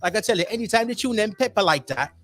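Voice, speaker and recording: A man hosting a radio show from home, giving lively slang-filled shout-outs and slipping into patois for fun, a little under the weather. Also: high-pitched, fast talker, dry recording. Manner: slips into Caribbean-style patois for fun. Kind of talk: energetic radio DJ chat. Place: at home, remote broadcast.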